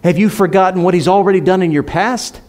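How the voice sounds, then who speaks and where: A man with a high voice delivers a sermon in a church. He preaches emphatically, pushing up and louder on rhetorical questions, then sinking to near-whispers for effect. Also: fast. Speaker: pastor.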